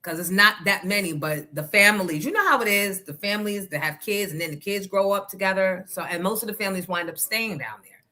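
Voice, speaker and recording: Outspoken NJ woman, livestream host, bright and forceful delivery. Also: mid-range voice, lively intonation, brisk. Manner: outspoken, talks back to the chat. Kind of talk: casual livestream chat.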